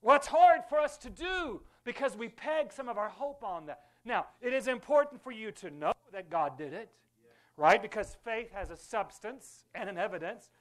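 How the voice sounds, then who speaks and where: The male pastor's voice sits high and sounds a bit bright and expressive at a normal speed. He preaches fervently in a church sanctuary, prompting the congregation to repeat after him.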